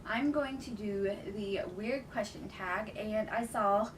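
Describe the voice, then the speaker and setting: A woman's voice: medium pitch, takes it slowly. A young woman vlogger chatting casually through a question tag, rambling with lots of filler words. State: out of breath. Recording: distant mic with clear background noise.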